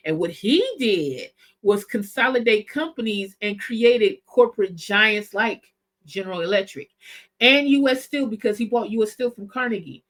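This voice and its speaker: A woman hosting a show, talking through history in a casual, animated, slangy way. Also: mid-range voice, low-quality recording. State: coughing spell. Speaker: host. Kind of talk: casual commentary.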